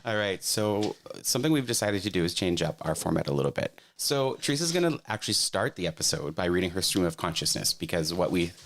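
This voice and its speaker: A woman's voice: extremely low pitch, sing-song, quick pace, few pauses. A woman co-hosting a podcast, running the trivia and telling behind-the-scenes stories in a chatty, casual way. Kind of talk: casual chat.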